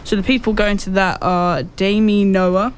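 A man co-hosting a radio show, reading out local event listings in a relaxed, hesitant way, with many ums and self-corrections. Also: high voice, normal speed, slight background noise. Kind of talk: casual radio chat.

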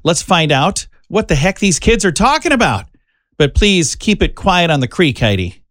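A man's voice: high-pitched, sing-song, normal speed, fairly bright tone, dry recording, clean studio sound. A middle-aged man co-hosting a radio show, reading out a light news list with jokey, self-mocking asides.

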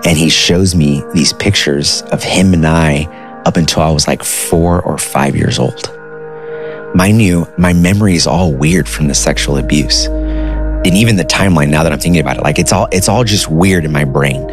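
A man in his thirties telling a personal story in a casual, animated, conversational way. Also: extremely low pitch, normal speed, over music. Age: 30s. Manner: animated, conversational, says dude and like.

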